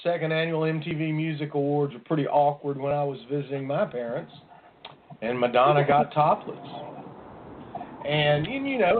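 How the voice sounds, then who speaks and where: High-voiced joking man on a phone line. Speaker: podcast co-host. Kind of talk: casual chat. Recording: tinny phone line with faint hiss.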